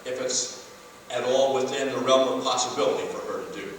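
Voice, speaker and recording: A man's voice: mid-range voice, a little fast, slight background noise. A man preaching a sermon as pastor, conversational, and his voice rises for emphasis. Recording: echoey church hall from far off.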